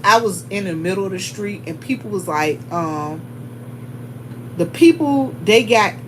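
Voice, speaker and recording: A woman's voice: medium pitch, lively intonation, unhurried, noisy background. A woman hosting a casual livestream, chatting straight to her viewers and greeting them by name as they come in. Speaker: livestream host.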